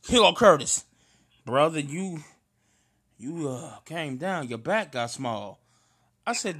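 St dude riffing with his cousin, loud and animated, slightly high voice. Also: slow, pauses often, breathy edge. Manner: loud, animated storyteller, slangy and emphatic. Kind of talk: casual chat between cousins.

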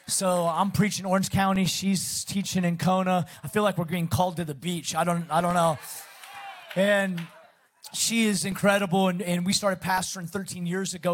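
High-voiced energetic guest pastor. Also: male voice, moderate pace, a little hiss or hum. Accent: Southern American, Texas. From Pacific Northwest of the US. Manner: energetic, chatty, self-deprecating humor. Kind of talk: sermon introduction.

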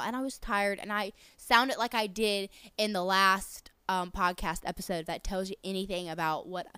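A young woman co-hosting a podcast, telling a story in an animated way in casual chat. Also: medium pitch, normal speed, hardly any pauses, smooth, no room sound. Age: young adult. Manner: animated storytelling, acting out quotes. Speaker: podcast co-host.

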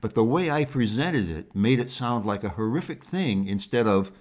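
A man's voice: on the low side, animated, normal speed, a little mellow. A man co-hosting a casual commentary chat, speaking in an emphatic, lecturing way.

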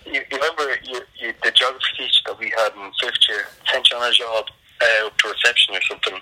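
Fast-talking man, bright voice. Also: mid-range voice, steady tone, low-quality recording. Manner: teasing, laid-back.

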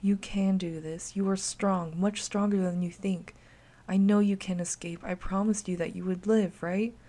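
Woman voicing a protective ghost girl, soft, calm, reassuring. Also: medium pitch, normal speed, natural voice. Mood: gentle.

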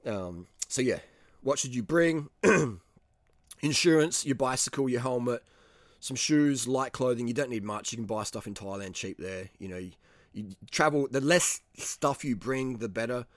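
A middle-aged man with an Australian accent, talking straight to the viewer in a blunt, animated way and swearing freely. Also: medium pitch, normal speed, no room sound, studio quality. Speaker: travel vlogger. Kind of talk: casual monologue.

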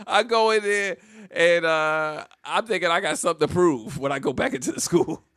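A man's voice: on the high side, normal speed, no echo. Laughing storyteller man, dry sound. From Jersey City, New Jersey. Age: adult with child. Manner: animated, laughs often, loud bursts. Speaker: podcast co-host. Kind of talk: casual comedic storytelling. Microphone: studio mic.

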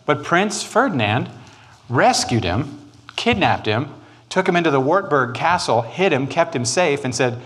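A man, preaching a sermon on church history in an animated, joking way. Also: on the high side. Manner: animated, joking, quick asides and put-on quotes. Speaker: pastor.

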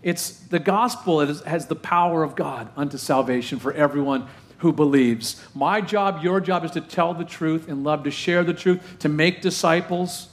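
A man preaching from the pulpit in a fairly high voice. He asks question after question, repeats lines for emphasis, and drags out key phrases to drive them home. Now and then he drops in a joke at his own expense. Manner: rhetorical questions, emphatic repetition, dramatic pauses; slows down heavily to stress key phrases. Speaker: pastor. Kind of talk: sermon.

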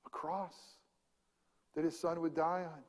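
High-voiced preacher with big dynamics. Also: male voice, level tone, slow pace, big-room sound. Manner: dynamic preaching, swinging from loud emphasis to hushed near-whispers. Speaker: pastor. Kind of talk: sermon.

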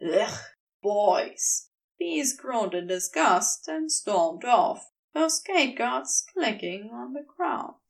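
A woman narrating a fan story aloud as a podfic reader, unhurried and expressive. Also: high-pitched, recorded from a distance.

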